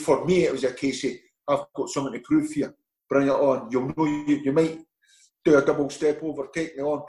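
Lively Scottish man telling stories. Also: on the high side, reverberant, low-quality recording. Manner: lively, animated storyteller acting out dialogue. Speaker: interview guest, former footballer. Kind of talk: anecdotal storytelling.

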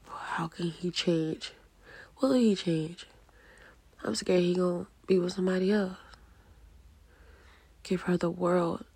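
Husky, tearful woman confiding softly. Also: on the low side, no room sound. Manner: halting, drifting into whispers. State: holding back tears. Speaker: vlogger telling a personal story. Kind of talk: emotional confessional monologue.

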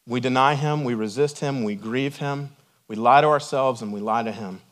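A middle-aged man, a lead pastor, preaching a sermon with earnest emphasis that swells to strong peaks and falls to quiet, reflective lows.

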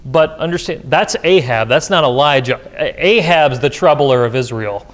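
A man's voice: mid-range voice, animated, normal speed. A pastor in a church sanctuary reading scripture aloud and then explaining it with emphasis in his sermon.

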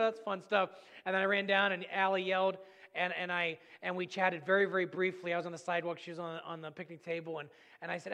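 A man preaching a sermon as pastor, earnest and storytelling, swinging between loud and hushed. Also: sits high, fairly even intonation, brisk, gravelly, in a large hall.

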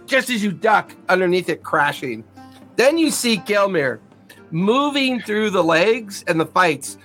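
A man narrating as game master of a tabletop role-playing game, lively and laughing as he goes. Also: high-pitched, a little slow, breathy edge, soft background music.

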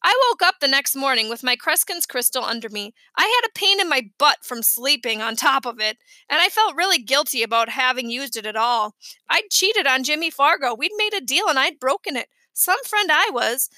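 A woman narrating a first-person children's audiobook in a lively, expressive storytelling manner, recorded close on the mic. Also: sits high, moderate pace, no room sound.

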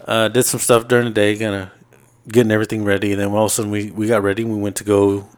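Rapid-fire and low in pitch, this man co-hosts a podcast and unloads long tales about his week. He curses freely, mimics other people's lines, and laughs through the lively retelling.

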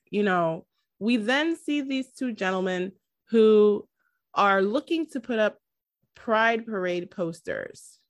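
A woman co-hosting a casual chat about a TV episode, animated and laughing as she retells scenes. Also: on the high side, dry recording. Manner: animated, laughing, acts out quotes from the show. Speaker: podcast co-host reviewing a TV episode.

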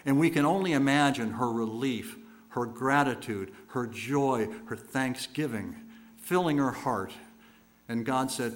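A preacher with a mid-pitched male voice delivers a sermon through storytelling. He piles up rhetorical repetition and alternates between loud outbursts and quiet, slowed-down lines for dramatic effect.

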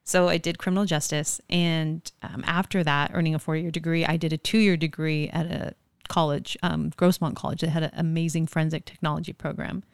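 Chatty woman, low voice, dry sound. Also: flat delivery, fairly quick, gravelly, smooth, no room sound. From California. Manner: chatty, lots of "like" and quoting. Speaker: guest, forensic investigator. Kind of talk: casual interview storytelling.

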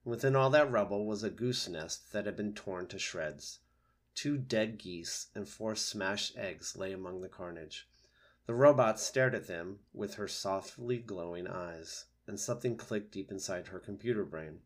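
A man narrates a children's book in a lowish voice. His delivery is steady and gentle. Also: a little slow. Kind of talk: reading a children's book aloud.

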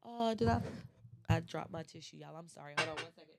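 Over crowd noise, a woman podcast host talks quickly in a low-sitting voice, offering casual motivation. She sounds nasal and congested from allergies, chatting away until she builds into fervent preaching.

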